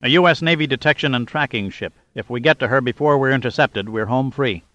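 A man's voice: mid-range voice, brisk, pushed and bright, no echo, dull audio, close to an everyday voice. A man reading a wry male adventurer hero with dry wisecracks.

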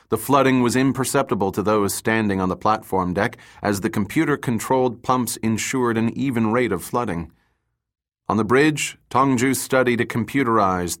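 A man narrating a thriller with a low-pitched voice. He reads evenly and steadily, keeping the action clear. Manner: even, measured reading. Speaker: audiobook narrator. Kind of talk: scripted narration.

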